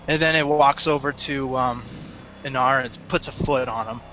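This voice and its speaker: A man narrating a tabletop game as game master in a descriptive, halting way. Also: mid-range voice, steady tone, bright, forceful tone, soft background music.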